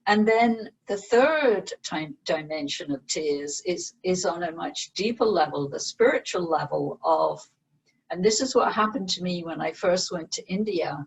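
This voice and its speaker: Woman meditation teacher, slow gentle talk, kinda husky, lowish voice. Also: rough recording. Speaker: meditation teacher and author guest. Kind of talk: interview conversation.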